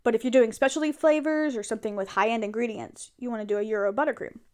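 A young adult woman in a casual role-play monologue, chatting and venting to her partner in an animated way. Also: a little high, fast talker. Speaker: audio role-play performer.

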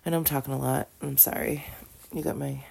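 A woman recording a casual, intimate audio diary from bed with a groggy morning voice, drowsy and soft, often sliding into a half-whisper. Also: extremely low pitch, fairly even intonation, a little fast, creaky. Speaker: audio diarist. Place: in bed at home.

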